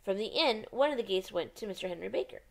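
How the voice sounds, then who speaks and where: A woman reading the part of a cool, commanding male detective in a measured, authoritative way. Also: mid-range voice, lively intonation, vocal fry. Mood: polite.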